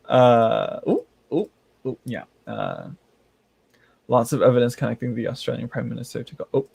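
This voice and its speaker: A man chats casually on a livestream, rambling between thoughts and laughing often. His voice is mid-pitched with a gravelly, fry-laden edge. The sound is dry and close to the mic. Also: very animated, normal speed, a little mellow, no echo. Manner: rambling, laughs often, many restarts and fillers. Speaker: tarot channel host reading live chat.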